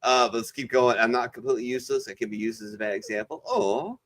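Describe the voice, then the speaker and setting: A former Marine hosts a casual veterans' chat over a video call, telling rambling, heavily profane stories. His mid-range voice is expressive, fast, and fairly bright.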